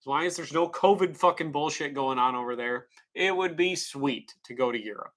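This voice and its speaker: A man's voice: on the high side, normal speed, a bit bright. A man streamer chatting casually and rambling frankly, swearing freely. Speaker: livestreamer. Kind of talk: casual livestream chat.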